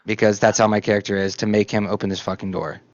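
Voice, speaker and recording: Lowish-voiced guy at a tabletop game, blunt, swears a lot, dry dull mic. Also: level tone, quick pace, no echo. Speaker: player. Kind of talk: tabletop role-play.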